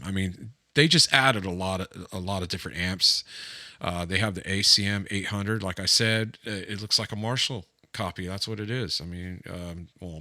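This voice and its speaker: A man casually demonstrating guitar software on screen, thinking aloud with lots of fillers and easily pleased by each feature. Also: sits low, dry recording, clean studio sound. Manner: easily delighted, keeps saying it's cool. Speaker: gear reviewer walking through software. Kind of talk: casual screen-share demo.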